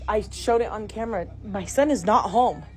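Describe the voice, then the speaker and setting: A middle-aged woman filming in her house on a phone, talking fast and frightened, often dropping to a whisper. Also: medium pitch, darkish tone. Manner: panicky, breathless, often whispering. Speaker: homeowner filming at home. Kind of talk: frightened phone video narration. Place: inside a house. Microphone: phone camera.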